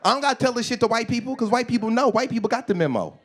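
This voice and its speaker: Animated, profane man doing stand-up. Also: extremely high pitch, rapid-fire. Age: 40s. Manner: animated, profane, acts out voices and shouts punchlines. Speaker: stand-up comedian. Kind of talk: stand-up comedy set. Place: comedy club stage.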